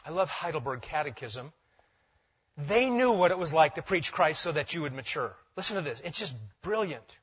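A male pastor preaching a sermon emphatically, repeating key phrases and dropping to quiet intensity for weight. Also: fairly high pitch, lively intonation, moderate pace, breathy edge, dull audio.

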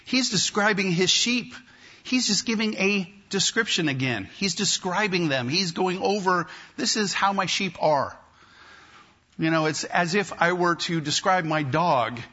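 A male pastor preaching a sermon to his congregation, emphatic and repetitive, with slow deliberate pauses. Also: sits high, bright, forceful tone, breathy edge. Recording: dull lo-fi sermon recording.

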